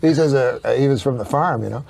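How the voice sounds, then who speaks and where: A man telling jokes in a rambling, deadpan way, full of "you know" asides, in stand-up and talk show anecdotes. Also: mid-range voice, fast, gravelly. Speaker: comedian.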